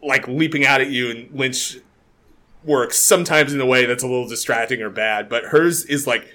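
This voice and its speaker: A man co-hosting a casual podcast chat about a TV show, animated and laughing often as he acts out scenes. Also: medium pitch, moderate pace. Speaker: podcast co-host.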